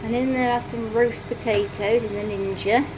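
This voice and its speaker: A woman's voice: a little high, steady tone, normal speed. Cheerful woman chatting in a noisy kitchen. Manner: cheerful, giggly, commentating on cooking. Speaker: vlogger, co-host. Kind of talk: casual home chat. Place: home kitchen.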